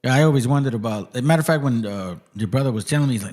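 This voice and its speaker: A man hosting a casual chat who reacts to a video with quick, profane banter. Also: medium pitch, big pitch swings, breathy edge.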